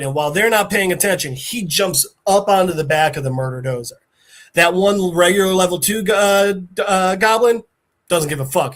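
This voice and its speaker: A man hosting a podcast, recapping a story in a casual, animated and profane way. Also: fairly high pitch. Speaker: podcast host.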